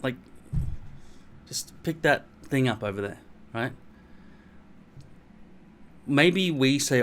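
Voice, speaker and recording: A man's voice: mid-range voice, expressive, slow pace, pauses often, a bit bright, a little hiss or hum. A middle-aged Australian man vlogging at home in a rambling, blunt, self-mocking way, swearing freely. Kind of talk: casual rambling monologue to camera.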